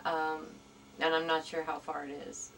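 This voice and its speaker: A woman guest on an interview show with a notably low-pitched voice. She speaks thoughtfully and a little haltingly, often pausing to find the right words. A faint hiss of noise sits beneath her. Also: monotone, fairly bright tone, rough recording. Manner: thoughtful, hesitant, searching for words. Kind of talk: casual conversational interview.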